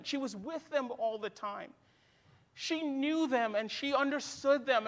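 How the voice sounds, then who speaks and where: A man's voice: very high voice, bright, forceful tone, long reverb tail. A man preaching a sermon as pastor, in a conversational style that mixes scripture with personal stories.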